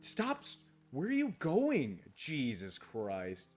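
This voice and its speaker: A man's voice: medium pitch, animated, normal speed, soft background music. Rambling, grumbling male game streamer. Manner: rambling, restarts sentences, grumbles and swears at the game; reads viewer comments aloud and answers them. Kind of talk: casual late-night live-stream chat while gaming.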